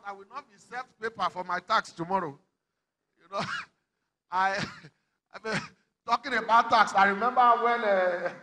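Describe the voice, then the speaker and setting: Bright-voiced Nigerian man doing stand-up in a reverberant hall. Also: high voice. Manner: animated storytelling, acting out characters with shouts. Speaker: comedian and MC. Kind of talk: stand-up comedy at a live event. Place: large indoor event hall. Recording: long reverb of a large event hall.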